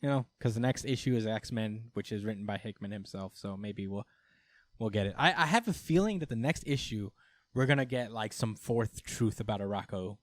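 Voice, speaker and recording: A man's voice: lowish voice, dry recording. A man co-hosting a podcast, rambling through a comic recap in loose casual chat full of fillers and laughs. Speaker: podcast co-host.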